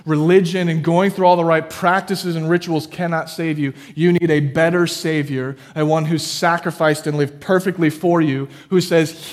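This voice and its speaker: Pastor guy preaching, kinda high voice, gets loud and punchy then goes quiet, keeps asking the crowd questions. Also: fairly even intonation, moderate pace, hardly any pauses. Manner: emphatic, building to loud peaks then dropping low; addresses listeners directly with questions. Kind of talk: sermon.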